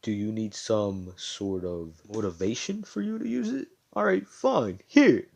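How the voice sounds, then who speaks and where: A man's voice: lowish voice, wildly swooping pitch, normal speed, gravelly, warm tone, exaggerated voice. A man doing a mocking, greedy villain. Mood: smug, menacing. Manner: mocking, repetitive and demanding. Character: taunting, greedy male villain with a hunger for magic.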